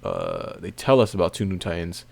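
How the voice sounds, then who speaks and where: A man casually recapping a comic chapter, rambling with many fillers and soft laughs. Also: deep voice, huge pitch swings, moderate pace, creaky. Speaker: manga recap video host.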